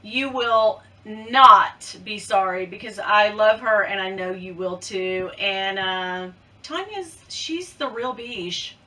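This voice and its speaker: A woman vlogger chatting casually to camera about luxury bags, playful and quick to giggle. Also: medium pitch, pushed and bright, distant mic, rough recording.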